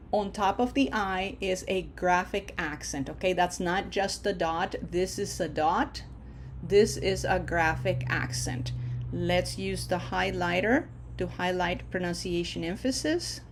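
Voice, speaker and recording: Slow, careful woman teaching a lesson. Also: on the low side, noisy background. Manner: slow, careful explanation with drawn-out model words. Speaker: Spanish teacher. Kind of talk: recorded grammar lesson.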